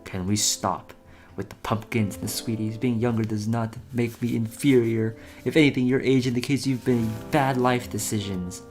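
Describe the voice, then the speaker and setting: A man's voice: mid-range voice, steady tone, normal speed, a little mellow, close to an everyday voice. A man reading as a prim, touchy young woman student. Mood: indignant. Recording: faint guitar music behind.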